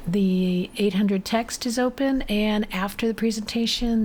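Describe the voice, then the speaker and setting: Woman co-host running thru the show lineup, brisk and teasing. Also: mid-range voice, a little mellow, slight background noise. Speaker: co-host announcing the schedule. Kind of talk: casual live-show chat.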